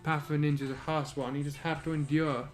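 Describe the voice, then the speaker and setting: A man as a calm, encouraging ninja. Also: a little high, quick pace, faint music behind, close to an everyday voice. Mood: reassuring.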